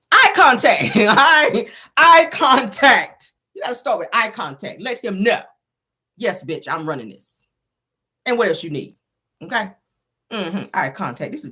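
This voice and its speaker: A sassy woman dishes a reality show recap in casual gossip, laughing often and acting out the quotes. Her pitch swings all over, her tone is bright and sharp, and her voice has a husky edge.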